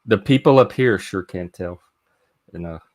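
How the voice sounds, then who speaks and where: A man on a live panel chiming in with quick comments in casual chat. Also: low-pitched, darkish tone, no echo, studio quality.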